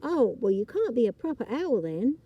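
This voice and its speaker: A woman's voice: fairly high pitch, very animated, moderate pace, slightly rough, lo-fi sound. A woman voicing a confident, matter-of-fact little girl in a storybook reading. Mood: bossy. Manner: matter-of-fact, know-it-all.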